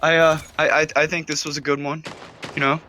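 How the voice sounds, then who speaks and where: A man's voice: a little high, level tone, fairly quick, pushed and bright, a little hiss or hum. A man co-hosting a casual podcast, reacting in a laid-back way and swearing casually. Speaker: podcast co-host.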